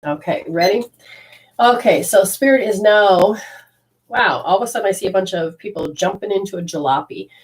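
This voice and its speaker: A woman with a mid-range voice, speaking at normal speed, gives an intuitive card reading to a caller as spiritual reading and coaching. The audio is poor with slight background noise, and she rambles, restarts often, and affectionately calls her listener honey.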